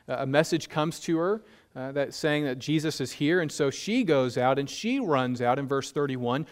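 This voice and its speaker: A man preaching a sermon in a conversational, humorous way, asking his listeners rhetorical questions. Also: mid-range voice. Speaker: pastor.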